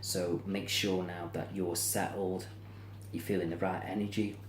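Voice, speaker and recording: Deep-voiced man as card reader, soothing and repetitive, a little weary, echoey room with faint background hum. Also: level tone, measured pace. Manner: soothing, repetitive, yawning and tired. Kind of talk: tarot-style reading to camera.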